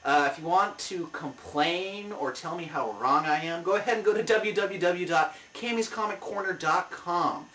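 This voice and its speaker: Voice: mid-range voice, moderate pace, few pauses, fairly bright tone. A comic review show host giving a heated, exasperated movie review rant. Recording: roomy, mic at a distance.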